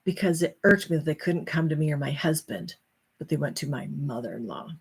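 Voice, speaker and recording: A woman's voice: deep voice, animated, a little fast, vocal fry, slightly rough. A tired middle-aged woman hosting a late live stream about her self-help book, rambling and apologetic as she yawns. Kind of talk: casual live-stream talk.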